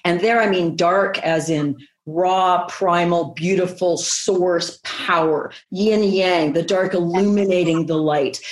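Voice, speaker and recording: A woman sex therapist speaking frankly in an interview, expressive and emphatic, with vivid asides. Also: fairly low pitch, slow, few pauses, echoey room. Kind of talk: candid conversational interview talk.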